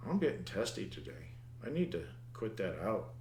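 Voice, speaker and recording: A man's voice: fairly low pitch, very animated, normal speed, darkish tone, echoey room, slight background noise. A man teaching a programming lesson over his screen, thinking aloud, muttering at the code and restarting his words. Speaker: programming instructor. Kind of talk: screen-recorded coding lesson.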